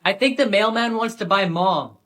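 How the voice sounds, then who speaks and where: Flat text-to-speech storytime narrator. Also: medium pitch. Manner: flat, even delivery of jokes and dialogue.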